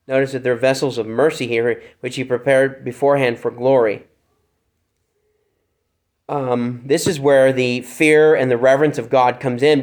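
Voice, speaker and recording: A man preaching an expository sermon, earnest and searching for words, with fillers and restarts. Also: medium pitch. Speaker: pastor.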